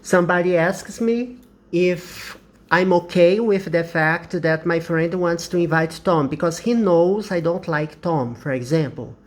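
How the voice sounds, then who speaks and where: Man, Brazilian Portuguese accent, English teacher, unhurried, deliberate, repeats examples. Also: fairly high pitch. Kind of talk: English lesson explanation.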